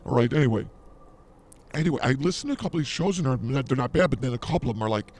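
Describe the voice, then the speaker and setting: Gravelly, boastful male podcast host. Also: mid-range voice, lively intonation, very fast, darkish tone. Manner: boastful, mock-arrogant teasing. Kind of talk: comedic banter.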